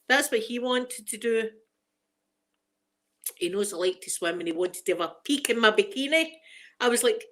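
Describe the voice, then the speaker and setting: A woman's voice: medium pitch, fairly bright tone. A Scottish woman in her forties, chatting casually for an ASMR video, self-mocking and laughing often. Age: 40s. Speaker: ASMR creator.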